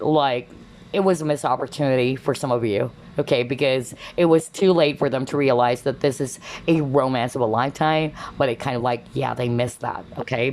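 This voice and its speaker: A woman's voice: rumbling low, a little mellow, a little hiss or hum. A woman giving a chatty collective tarot reading, exclaiming often and filling her talk with fillers. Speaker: tarot reader.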